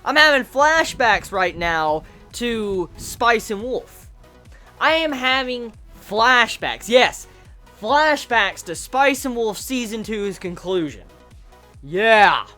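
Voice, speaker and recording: A woman giving a casual anime review, excitable and profane, ranting in bursts. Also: fairly high pitch, slow pace, faint music behind.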